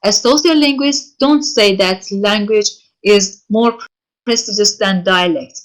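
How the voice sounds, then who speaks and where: Woman lecturer from Iraq, mid-pitched, halting online teaching delivery full of self-corrections. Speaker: university lecturer. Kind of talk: online lecture answering written questions.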